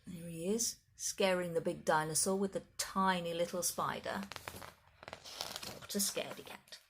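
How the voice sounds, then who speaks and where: A woman reading a children's picture book aloud in animated storytime narration, with chatty asides to the children listening. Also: on the low side, moderate pace, slight background noise.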